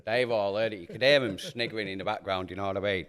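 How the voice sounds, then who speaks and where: A man's voice: fairly low pitch, quick pace, fairly bright tone, clean tone. A man telling a mischievous prank story in casual banter, swearing freely.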